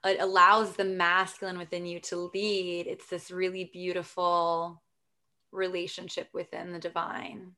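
Bright-voiced woman hosting, affirming. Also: on the low side, flat delivery, unhurried. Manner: enthusiastic, affirming, many fillers. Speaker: podcast host. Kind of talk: casual interview.

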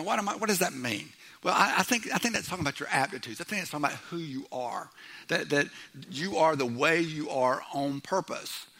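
A middle-aged man preaching a sermon in church, loud, animated and joking. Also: on the high side. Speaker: pastor.

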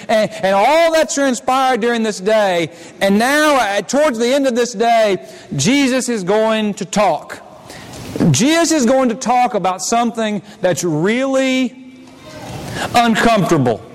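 A man preaching a sermon as pastor, talking earnestly and often repeating words as he builds to a point. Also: sits high. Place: church sanctuary. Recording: long reverb of a church hall with faint noise.

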